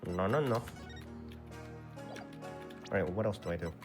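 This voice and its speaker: A man giving casual gameplay commentary, loud and incredulous, swearing often. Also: deep voice, a little slow. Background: game music.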